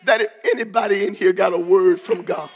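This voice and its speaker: High-voiced shouting preacher in a reverberant church. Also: male voice, fairly even intonation, brisk, a little hiss or hum. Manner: shouting, rhythmic repetition, drops to soft asides. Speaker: pastor. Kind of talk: sermon. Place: church sanctuary. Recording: long reverb of a large church.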